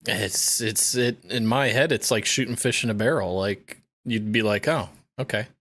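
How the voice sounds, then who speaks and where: A man's voice: lowish voice, steady tone, normal speed, fairly bright tone. Rambling, laughing man co-hosting a podcast. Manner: rambling, restarts sentences, laughs often, swears. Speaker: podcast co-host. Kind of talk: casual chat.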